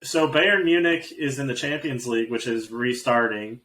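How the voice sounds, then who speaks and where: A man's voice: medium pitch, normal speed, roomy sound, rough recording. A man co-hosting a sports podcast, talking casually with hesitations and filler words. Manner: relaxed, hesitant, lots of fillers like "like". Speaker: podcast co-host.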